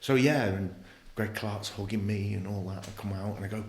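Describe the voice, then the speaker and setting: This is a frank interview conversation with a podcast guest from England whose voice is fairly low, at a normal pace, in an echoey room. He recounts his story bluntly and with animation, frequently swearing.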